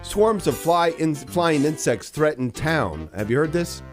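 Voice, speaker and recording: A man's voice: on the high side, expressive, unhurried, soft background music. A man co-hosting a radio show, trading jokes in playful banter and chuckling often. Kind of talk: joke-telling radio banter. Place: radio studio.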